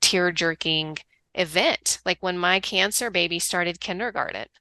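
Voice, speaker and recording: A middle-aged woman tells stories as a podcast guest. Her voice is bright and sharp, and she is recorded close and dry. She talks in an animated way and acts out the people she quotes. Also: fairly low pitch, unhurried, no echo. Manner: animated storyteller, lively quoting of others. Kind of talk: conversational podcast interview.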